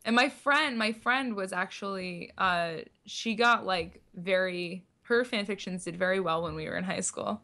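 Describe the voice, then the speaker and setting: A woman's voice: medium pitch, moderate pace, few pauses, bright, forceful tone. Woman guest chatting on a game stream, playful and giggly. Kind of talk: casual stream chat.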